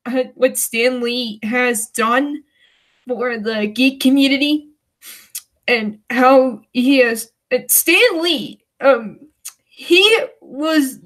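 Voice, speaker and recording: Livestream host, woman from the United States, high and slow, hesitant and emotional, close to tears. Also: a bit bright. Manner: hesitant, many fillers and restarts, emotional. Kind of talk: casual livestream chat.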